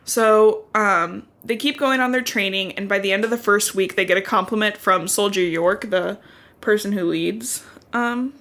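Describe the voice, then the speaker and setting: Young woman podcast host; bright, chatty, profane, with lots of filler. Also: medium pitch, moderate pace. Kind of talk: casual book recap chat.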